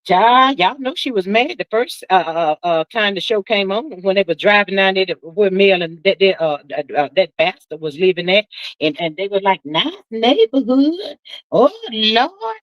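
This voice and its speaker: A woman's voice: normal speed, dry recording, dull audio. A woman in her sixties hosting a livestream, gossiping in a drawling, chatty way and calling everyone "child" and "honey". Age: 60s. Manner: lively, swoops high for emphasis. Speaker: livestream host. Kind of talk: casual gossip commentary.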